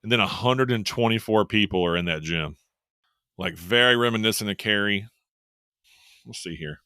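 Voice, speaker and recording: A man's voice: fairly low pitch, moderate pace, sharp tone, smooth, dry recording, clean studio sound. A man co-hosting a podcast, rambling through a casual recap with amused laughs. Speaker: podcast co-host. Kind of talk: casual chat recapping a horror film.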